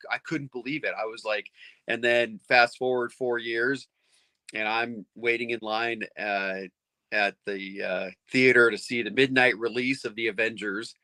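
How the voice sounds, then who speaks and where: Middle-aged guy rambling excitedly, bright forceful tone, super dry close sound. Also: fairly low pitch, no room sound. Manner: rambling, excited, lots of restarts. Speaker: comics fan on a panel show. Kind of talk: casual chat.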